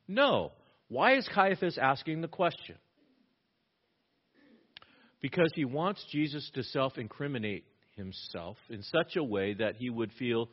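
Guy preaching, mid pitched voice, keeps asking the crowd questions, slightly dull recording. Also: slightly rough. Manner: animated, rhetorical questions, acts out quotes with rising pitch and volume. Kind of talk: expository sermon.

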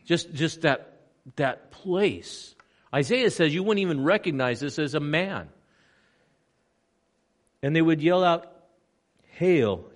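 A man preaching a sermon with slow, emphatic delivery, swinging between loud passages and hushed ones. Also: mid-range voice. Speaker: pastor. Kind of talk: sermon on location.

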